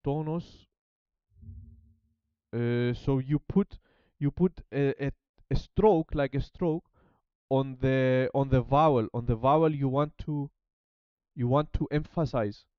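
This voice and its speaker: Speaking slowly with frequent pauses, a Greek man from Greece, a native speaker with a Greek accent, talks casually while studying a language, thinking out loud and restarting many times as he documents his learning. His mid-range voice is clear and resonant, and the dry recording has its highs cut off.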